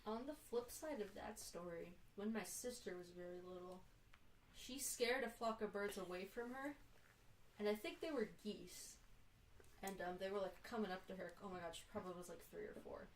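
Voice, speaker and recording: A woman's voice: medium pitch, normal speed, distant mic, slight background noise. A young woman co-hosting a podcast, telling a story in casual chat with lots of fillers. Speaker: podcast co-host. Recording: roomy, from off the mic.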